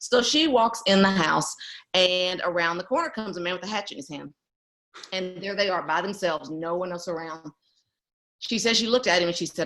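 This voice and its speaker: A middle-aged woman tells a family story in a casual interview. Her voice sits a little low for a woman. She is an animated storyteller who laughs often. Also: moderate pace. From East Texas. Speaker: guest.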